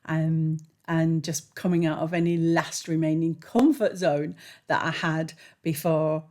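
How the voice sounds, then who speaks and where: A woman's voice: low voice, steady tone, measured pace, a little mellow. A woman, a spiritual mentor, hosting her own channel in an earnest, heartfelt, candid monologue to camera.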